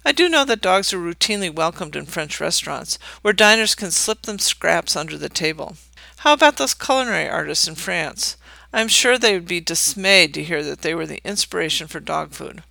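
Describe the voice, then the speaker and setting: A man's voice: fairly high pitch, lively intonation, moderate pace, creaky, bright, forceful tone, dry recording. A man reading a scripted essay aloud, with dry, wry humor and mock-grand readings of quoted text.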